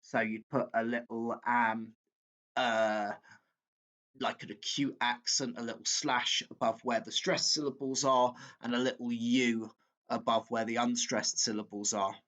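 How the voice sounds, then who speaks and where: A man teaching a literature exam walkthrough, talking slowly and haltingly, with fillers and self-corrections as he works through a poem. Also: medium pitch, flat delivery, fairly bright tone.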